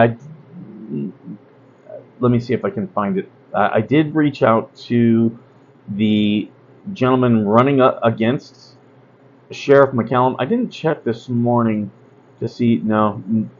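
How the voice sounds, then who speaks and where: A man's voice: mid-range voice, slow pace, pauses often, muffled recording. A man hosting a casual livestream talk, blunt and rambling, with many fillers and asides. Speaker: host.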